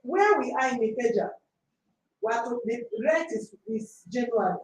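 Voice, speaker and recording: A woman's voice: on the high side, lively intonation, normal speed. Stern Nigerian woman mediator, lecturing tone, distant and echoey with faint ambience. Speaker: mediator host. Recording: echoey room heard from a distance.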